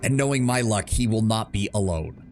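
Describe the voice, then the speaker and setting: A man's voice: lowish voice, animated, moderate pace, a little mellow, a little hiss or hum. A man streaming live gameplay, talking casually, muttering his plans and swearing when frustrated.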